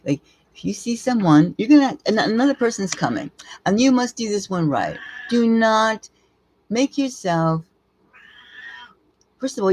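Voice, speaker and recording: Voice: mid-range voice, darkish tone, no echo. Live tarot reader, dry close sound, blunt and emphatic, rambles, swears freely. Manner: blunt, emphatic advice with repeated phrases; rambling, restarts mid-sentence.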